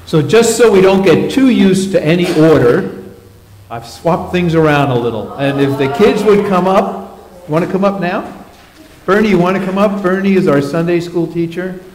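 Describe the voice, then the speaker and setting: A man's voice: high-pitched, moderate pace, a little mellow. A man leading a children's moment in a church service as pastor, playful and coaxing as he talks with the kids. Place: church sanctuary. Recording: echoey church sanctuary.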